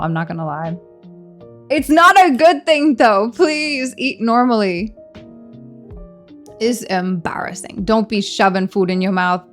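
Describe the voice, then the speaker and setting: Woman streamer chatting + eating on stream, teasing, laughs a lot, mid pitch, quiet music behind. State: hungry, eating during stream. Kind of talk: casual live-stream chat.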